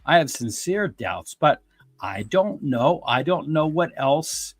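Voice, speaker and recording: A man's voice: fairly high pitch, sing-song, takes it slowly, slightly rough, dry recording. A man who is an attorney, giving blunt, emphatic criticism in a casual podcast discussion. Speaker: guest commentator, attorney.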